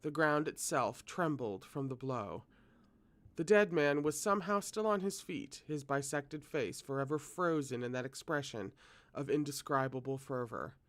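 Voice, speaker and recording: A man reading a novel aloud at a steady pace, now and then correcting himself. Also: a little high, moderate pace. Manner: steady, occasional self-corrections. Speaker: reader.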